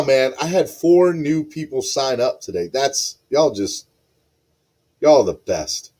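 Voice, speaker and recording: A man hosting a live podcast stream, excitedly reading out chat messages and repeating himself. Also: medium pitch, slightly rough. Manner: excitable, repeats phrases, reads chat aloud. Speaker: podcast host.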